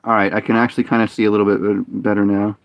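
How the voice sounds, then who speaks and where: A man's voice: lowish voice, level tone, rapid-fire, highs cut off, a little hiss or hum. A man streaming a game live, muttering and complaining in frustration as he plays. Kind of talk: live gameplay commentary.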